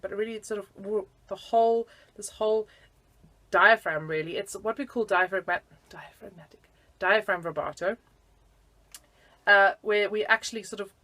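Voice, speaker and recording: A woman's voice: medium pitch, sharp tone. A woman teaching flute in a casual video lesson, chatty and giggly with self-deprecating asides.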